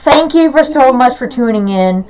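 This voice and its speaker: A young woman streamer reacting to her own old clips. She talks casually, giggles a lot, breaks into loud outbursts and swears freely. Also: high voice, animated, normal speed. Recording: noisy with clicking sounds.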